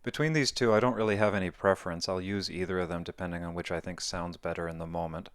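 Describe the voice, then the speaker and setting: A man's voice: low-pitched, steady tone, fast talker, clear, resonant tone, no room sound, clean studio sound. A man explaining a topic in a casual monologue, thinking aloud and correcting himself as he goes. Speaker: video essayist.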